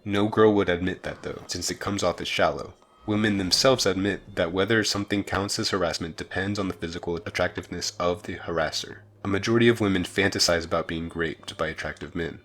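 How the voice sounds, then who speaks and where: A man with a very low, deep voice reading scripted narration. His delivery is flat, measured and matter-of-fact.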